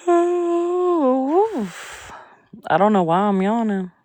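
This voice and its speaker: A young woman talks casually to her livestream viewers, taking her time and drawing out her words. Her voice sits a little low, and she hums idly between remarks. The sound is dry and close. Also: fairly bright tone, no echo. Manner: drawling, chatty, humming to herself between remarks. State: pregnant. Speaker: livestream host.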